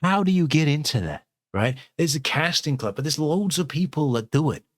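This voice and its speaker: A man's voice: on the high side, animated, normal speed, no echo, clean studio sound. A man, hosting his new channel in rambling, sweary casual chat from home.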